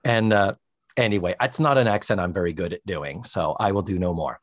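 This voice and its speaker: A man's voice: deep voice, no room sound, studio quality. A man co-hosting a podcast, chatting casually as he recaps a sitcom episode and acts out the characters' lines. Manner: animated, acts out characters' lines in quick voices. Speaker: podcast co-host.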